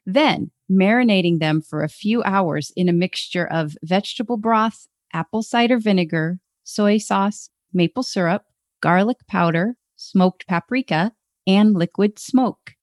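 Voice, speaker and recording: A young adult woman hosting a podcast, cheerful and quick to laugh. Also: medium pitch, no room sound, studio quality. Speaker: podcast host. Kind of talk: upbeat podcast chat.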